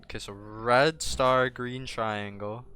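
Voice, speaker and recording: A man's voice: mid-range voice, steady tone, slow pace, pushed and bright, clean tone. A young man commentating his gameplay, trash-talking and yelping when startled. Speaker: gaming streamer.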